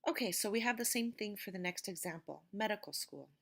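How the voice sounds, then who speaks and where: A woman teacher giving a recorded vocabulary lecture and reading word lists slowly, stressing each syllable with care. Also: mid-range voice. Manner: slow, careful pronunciation drills.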